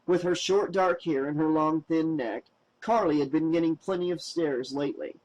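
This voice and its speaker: Higher-voiced male audiobook narrator. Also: normal speed, darkish tone, low-quality recording.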